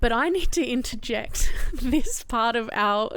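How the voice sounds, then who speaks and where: A woman's voice: fairly high pitch, unhurried. A young woman, co-hosting a book club podcast and telling a story with lots of laughter and acted-out quotes. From Australia. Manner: animated, laughs often, acts out quotes loudly. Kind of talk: casual chat, storytelling.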